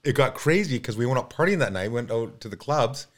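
Fifties canadian guy, podcast guest, telling wild stories, rambling and animated, lots of uh and like. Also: medium pitch, a little fast. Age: 50s. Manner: animated, rambling, many fillers. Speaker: podcast guest, pro mountain biker. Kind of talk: casual storytelling.

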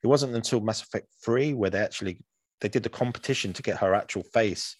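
A man with a deep, low voice co-hosts a casual podcast chat and wanders through his thoughts with lots of "um"s and restarts. He sounds close and dry, with no room around him. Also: fast, dry recording. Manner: rambling, hesitant, many fillers and restarts. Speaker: podcast co-host.

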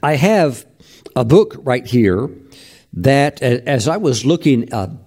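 A man's voice: medium pitch, very animated, slow pace, a little mellow, slightly rough. A male pastor teaching from scripture in a conversational, emphatic sermon style.

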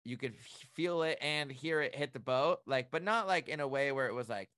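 A man co-hosting a podcast, telling a lively story in casual chat and acting out his own reactions. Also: mid-range voice, normal speed, clean tone, no echo, studio quality. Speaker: boat operator and podcast co-host.

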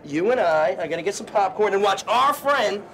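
A crude, bossy young skater lays down the law to a sulking friend in a film scene. His voice sits very high and sounds bright and edgy, and his talk is blunt and crude. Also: expressive, a little fast, a little hiss or hum. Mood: scolding. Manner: crude, bossy, talks others down. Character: brash young male skater, blunt peacemaker. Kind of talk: film dialogue.

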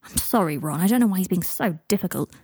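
A woman reading an earnest, hot-headed wizard who flares up quickly, in an audiobook. The voice is husky and mellow, heard close and dry. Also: fairly low pitch, expressive, no echo.

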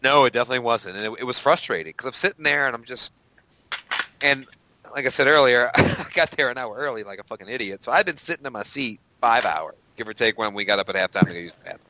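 A man's voice: medium pitch, fast, pushed and bright, dry recording, poor audio. A man co-hosting a casual sports podcast, venting with casual swearing. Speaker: podcast co-host.

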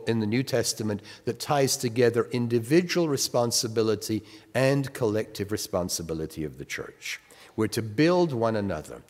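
A man preaching a sermon, reading scripture aloud and stressing key words as he explains them. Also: fairly low pitch. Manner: emphatic, reads scripture with rising stress. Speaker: pastor. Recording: long reverb of a hall.

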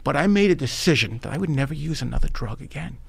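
A middle-aged man from New York with a New York accent, a podcast guest telling his life story in an animated, emphatic way. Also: a little high, quick pace, vocal fry, slightly rough, dry recording. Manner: animated, emphatic, addresses the host by name. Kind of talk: storytelling in a conversational interview.

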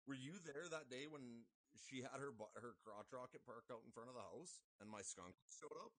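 A man's voice: medium pitch, fairly quick, fairly bright tone, no echo. A man on a podcast telling rowdy stories in casual chat, swearing freely and laughing often. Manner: profane, laughing anecdotes. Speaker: podcast guest.

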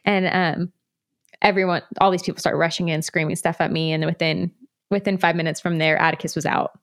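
A woman's voice: fairly low pitch, steady tone, fairly quick. Candid, rambling woman telling her story. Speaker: guest. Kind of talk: personal story in conversation.

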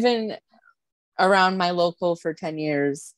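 A woman's voice: on the low side, expressive, moderate pace, dry recording. A woman hosting a casual interview, laughing often and self-deprecating. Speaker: podcast host.

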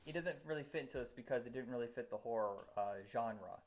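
A man in relaxed conversation on a podcast. He rambles with plenty of fillers and laughs readily. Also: mid-range voice, fast. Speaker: podcast co-host. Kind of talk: casual chat.

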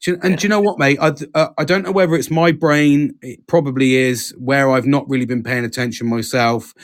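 A man hosts a casual podcast chat. He speaks earnestly at a middle pitch, restarting his sentences often and dropping in casual swearing. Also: steady tone, a little fast. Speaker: podcast host.

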